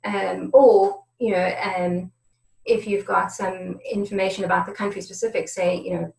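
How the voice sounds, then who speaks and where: Woman, mid-range voice, webinar trainer, halting restarts, roomy echo. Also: mid-range voice, steady tone, vocal fry, darkish tone. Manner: halting, restarts and repeats words often. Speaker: negotiation trainer presenting a webinar. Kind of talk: conversational presentation. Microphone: video conference setup.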